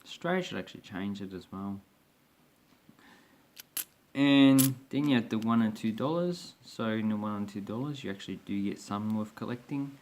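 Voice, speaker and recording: A man's voice: lowish voice, moderate pace, darkish tone, a little hiss or hum. A man talking casually through his collection on his own channel, rambling and hesitant with many restarts. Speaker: coin collector vlogger. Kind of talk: casual show-and-tell commentary.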